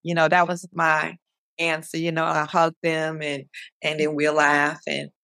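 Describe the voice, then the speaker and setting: A woman's voice: low-pitched, monotone, a little slow, creaky, fairly bright tone, dry recording. A young woman, a guest on an interview podcast, talking earnestly and encouragingly with many repetitions. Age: young adult. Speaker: guest, cancer survivor. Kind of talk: conversational interview.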